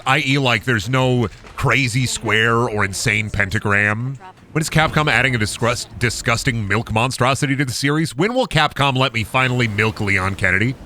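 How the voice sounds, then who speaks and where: A man's voice: medium pitch, bright, forceful tone. A young man streaming a game, riffing in crude, rambling jokes as he plays. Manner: joking, crude, rambling riffs. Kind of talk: let's play commentary.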